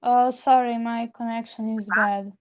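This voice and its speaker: A woman's voice: a little high, fairly even intonation, a little slow. A woman student answering a teacher's question on an online call, hesitant and careful. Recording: muffled bad call connection.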